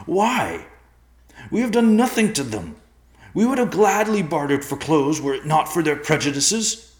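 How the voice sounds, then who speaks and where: A man voicing an enraged young male bear, croaking and shouting with rage in a storybook reading. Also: on the high side, roomy sound, pitched above the performer's own voice, natural voice.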